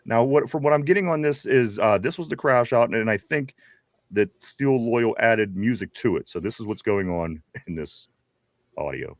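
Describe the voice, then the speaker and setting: Laughing, rambling Pittsburgh co-host. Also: male voice, mid-range voice, lively intonation, moderate pace, no echo, studio quality. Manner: laughing, rambling, reads viewer messages. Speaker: podcast co-host. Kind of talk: casual live-stream chat.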